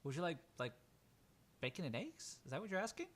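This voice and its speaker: A warm, motherly innkeeper woman, hefty and friendly, put on by a man running a tabletop game. She chats in a raised, sing-song tone that sits well above a man's usual pitch. She is homely and hospitable. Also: huge pitch swings, a little fast, heavily acted.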